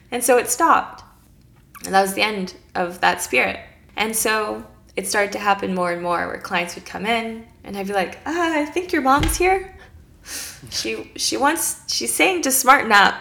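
A woman speaks in a lowish, gravelly voice with a good deal of vocal fry. She tells her story in an earnest, reflective way and voices her own past thoughts as she goes. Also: a bit bright. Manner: earnest, reflective, recounts events with quoted inner dialogue. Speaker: guest. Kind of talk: casual storytelling.

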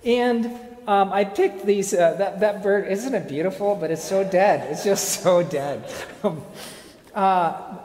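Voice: medium pitch, slow, darkish tone. Wry lecturer in an echoey hall. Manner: conversational, wry asides, frequent fillers and restarts. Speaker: speaker giving a presentation. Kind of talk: informal lecture with slides and a told parable. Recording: echoey hall with long reverb.

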